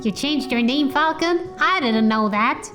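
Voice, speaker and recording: A woman's voice: high voice, animated, unhurried, over music. A woman voicing a naive young male bird assistant who sounds wide-eyed and curious.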